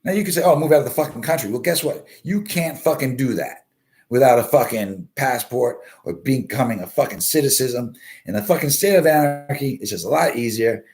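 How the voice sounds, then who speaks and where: A man's voice: mid-range voice, animated, normal speed, a little mellow. A man hosting a casual live stream, commenting on the news in a blunt, constantly swearing rant. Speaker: live show host.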